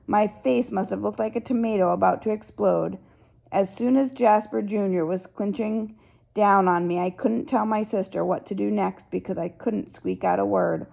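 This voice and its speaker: A woman reading a novel aloud as first-person narrator, in a steady storytelling manner. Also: mid-range voice, normal speed, gravelly, rough recording. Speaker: audiobook narrator.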